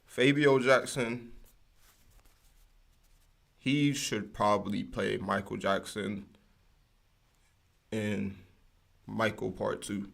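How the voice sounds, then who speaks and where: A man's voice: lowish voice, steady tone, slow pace, creaky, long pauses, fairly bright tone. A young man from the United States hosting his own podcast, rambling in loose, slangy casual talk and drifting off topic often. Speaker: podcast host. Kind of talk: casual solo ranting.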